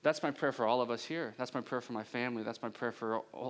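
A male pastor gives a conversational sermon quickly, with few pauses, sometimes joking and poking fun at himself. When he gets animated, his voice climbs higher and louder.

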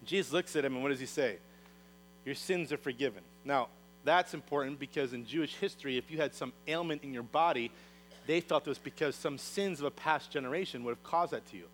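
A man preaching a sermon, telling a story in a lively way and acting out the characters' lines in voices. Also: medium pitch, fast talker, a little hiss or hum, low-quality recording. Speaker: pastor.

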